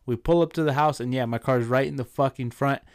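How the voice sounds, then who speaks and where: A man hosting a casual podcast, telling a rowdy story in a profane, animated way and dropping Spanish slang. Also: medium pitch, brisk. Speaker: podcast host.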